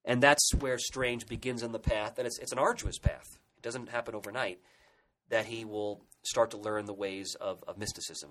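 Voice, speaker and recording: This podcast co-host has a lowish male voice, captured with poor audio. In a casual discussion, he eagerly rambles through comic book history, frequently starting his thoughts over.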